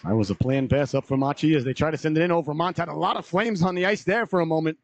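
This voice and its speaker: A slightly hoarse man calling a live hockey game play by play, brisk name-by-name calls with folksy asides. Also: fairly high pitch, no echo, highs cut off. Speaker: play-by-play announcer.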